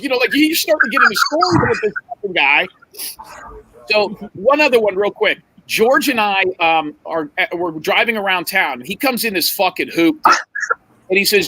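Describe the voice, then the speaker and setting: Animated husky man telling profane stories. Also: very high-pitched, fairly quick, low-quality recording. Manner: animated, profane, rambling anecdotes. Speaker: podcast guest storyteller. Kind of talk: casual storytelling.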